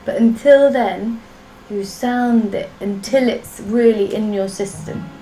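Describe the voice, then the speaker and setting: Speaking slowly in a fairly high, mellow voice, a woman teaches a live-streamed language class. She patiently chants syllables in a sing-song and jokes with students, in an echoey room with music playing.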